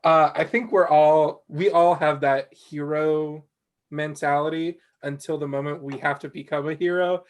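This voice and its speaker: A man in his twenties with a somewhat high voice talks in an easygoing way. He is quick to laugh during a relaxed podcast conversation. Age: 20s.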